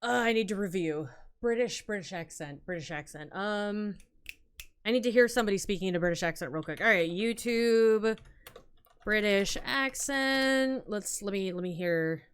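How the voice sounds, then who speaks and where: A woman's voice: mid-range voice, normal speed, clear, resonant tone. A woman streamer giving casual, joking gameplay commentary and swearing now and then.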